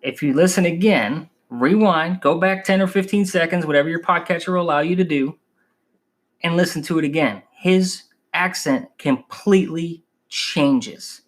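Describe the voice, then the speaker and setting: Emphatic podcast host, fairly high voice. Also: male voice, normal speed. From northern United States. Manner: animated, emphatic storytelling. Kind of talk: podcast narration.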